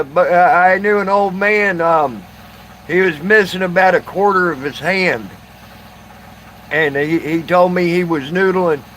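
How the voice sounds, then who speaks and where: A man talks slowly to his live stream viewers, his slightly high voice stumbling through fillers and restarts. A faint idling engine hums in the background. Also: a bit bright, slight background noise, poor audio. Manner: halting, many fillers and restarts. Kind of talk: casual live stream chat.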